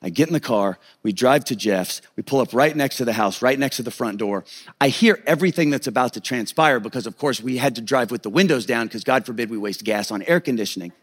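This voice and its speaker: A man preaching a sermon as a pastor, telling a personal story in an animated, humorous way. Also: medium pitch, fast.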